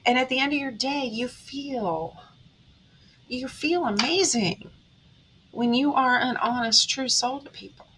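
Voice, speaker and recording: Bright earnest woman. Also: high voice, a little slow, a little hiss or hum, rough recording. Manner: earnest, emotional, talks straight to viewers. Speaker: tarot reader and spiritual vlogger. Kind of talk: heartfelt motivational monologue.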